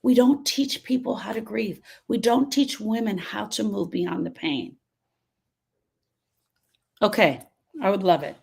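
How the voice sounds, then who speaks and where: Unhurried and husky, with vocal fry, long pauses and a darkish medium-pitched voice, this woman coaches viewers through grief during a live stream and addresses them by name. She hammers her points home repeatedly and frequently drifts onto tangents.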